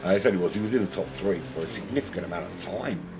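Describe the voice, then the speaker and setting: A man's voice: sits low, very fast, creaky, over loud music. A man from South London with a South London accent, commentating on a sim race from home in a rambling, self-mocking, chatty way.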